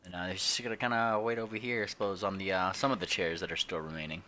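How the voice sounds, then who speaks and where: A man's voice: deep voice, steady tone, fast talker, pushed and bright. A man running a tabletop game as game master, narrating with many hesitations. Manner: hesitant, full of fillers, laughs often.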